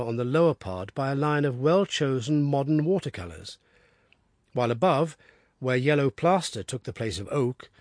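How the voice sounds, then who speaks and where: Man narrating an audiobook, lively voice. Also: mid-range voice, no echo, studio quality. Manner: steady, descriptive storytelling.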